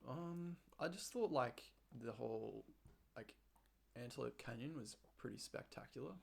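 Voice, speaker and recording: A young Australian man chatting casually as a podcast guest, relaxed and full of "like" fillers. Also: mid-range voice, normal speed, vocal fry, slightly rough. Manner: relaxed, filler-heavy with frequent "like". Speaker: guest photographer. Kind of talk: casual chat.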